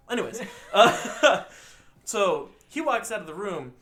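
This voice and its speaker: A man's voice: high-pitched, unhurried, slight background noise. A man co-hosting a casual podcast movie review, joking around and acting out the characters. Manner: joking, animated, acts out characters. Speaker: podcast co-host.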